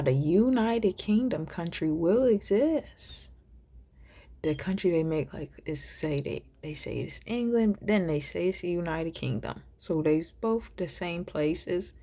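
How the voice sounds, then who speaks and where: A woman vlogger musing aloud to camera, soft and rambling, often half-whispered. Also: lowish voice.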